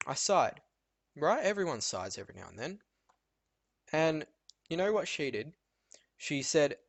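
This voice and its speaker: Teenage boy ranting, slightly high voice. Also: a little slow, creaky, long pauses, dry recording. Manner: animated storytelling, lots of fillers. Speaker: vlogger. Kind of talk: ranting monologue vlog.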